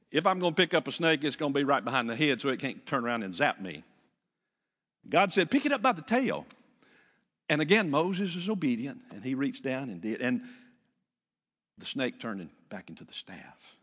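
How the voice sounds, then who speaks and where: An older man preaching a sermon as pastor, retelling a story with lively repetition. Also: mid-range voice, in a large hall. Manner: animated storytelling with repeated phrases. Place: church.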